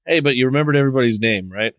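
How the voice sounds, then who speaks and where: A man's voice: medium pitch, very fast, a bit bright, no echo. A man hosting a tech podcast, chatting casually, laughing often and joking with his co-hosts. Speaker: podcast host. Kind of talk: casual chat.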